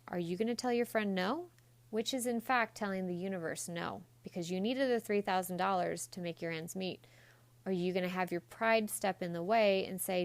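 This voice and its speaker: A woman's voice: medium pitch, normal speed, dry recording. Blunt, chatty woman podcaster, dry mic. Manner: blunt, chatty, swears casually, acts out quoted voices. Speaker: podcast host. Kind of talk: casual self-help monologue.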